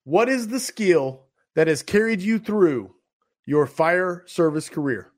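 A man's voice: sits high, lively intonation. A man hosting a podcast, running a playful quiz with his guest in casual chat. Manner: playful, quick quiz-show banter. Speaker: podcast host.

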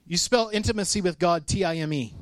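A man in his thirties gives a chatty sermon in a fairly high voice, telling stories and acting out the voices in them. His delivery is animated, and the sound is close and dry. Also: fairly quick, no echo. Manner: storytelling, animated, acts out quotes. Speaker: pastor. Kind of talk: conversational sermon.

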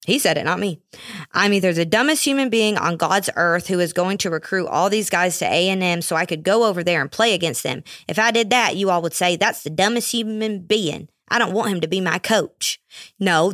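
Young woman host, low voice, dry close mic, sarcastic solo rant, casual. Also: no echo. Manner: sarcastic, animated, mocking asides. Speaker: podcast host.

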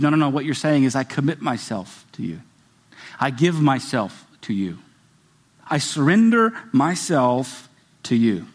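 A man's voice: fairly high pitch, sing-song, moderate pace. A man preaching a sermon as a pastor, earnest and repetitive, building emphasis as he speaks. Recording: music playing behind the voice. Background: soft guitar music.

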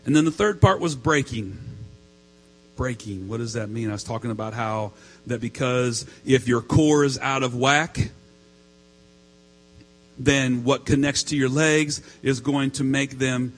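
A man's voice: mid-range voice, measured pace, rough recording. A middle-aged man preaching a sermon, telling a personal story in a casual way with many fillers. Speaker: pastor. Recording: mains hum.

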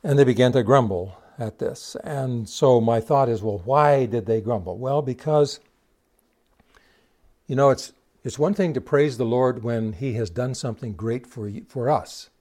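A man's voice: medium pitch, a little slow, a little mellow. A man preaching a sermon, retelling scripture and asking the congregation rhetorical questions. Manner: retells scripture with quoted dialogue.

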